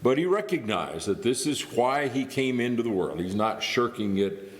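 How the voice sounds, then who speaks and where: A middle-aged guest preacher from Indiana gives a sermon in a church hall, recorded with the hall's reverb. He talks it through conversationally, thinking aloud with small restarts, his medium-pitched voice very animated at a normal speed.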